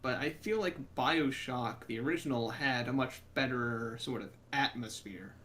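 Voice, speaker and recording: A man co-hosting a gaming podcast in casual chat, dropping dry, deadpan quips. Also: medium pitch, normal speed. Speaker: podcast co-host.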